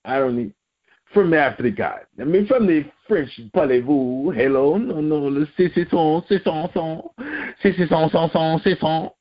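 A man putting on a haughty, exaggerated Frenchman who babbles drawn-out mock French words in a sing-song way. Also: fairly low pitch, dull audio. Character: mocking exaggerated Frenchman, adult male, haughty.

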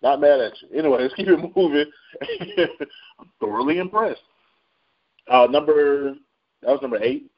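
A man's voice: fairly high pitch, animated, normal speed, long pauses. A man hosting a casual radio-style chart rundown, joking and slangy with frequent laughs. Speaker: radio show host. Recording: dull lo-fi sound.

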